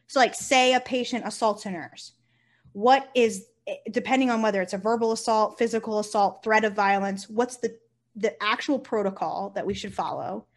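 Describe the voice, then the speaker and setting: A woman, a nurse and company founder, talking casually in an interview and telling stories with lively, acted-out quotes. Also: medium pitch, moderate pace. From United States. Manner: animated storyteller, acts out quotes, swears casually.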